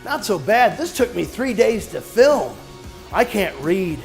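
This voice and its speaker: A man's voice: high-pitched, sing-song, unhurried, vocal fry, soft background music. A man hosting an awards show with dry, self-mocking jokes.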